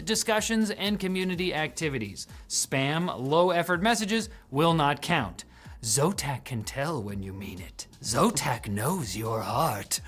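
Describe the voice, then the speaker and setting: A man's voice: a little high, fairly bright tone. A man hosting a scripted tech news show, delivering the news with sarcastic jokes.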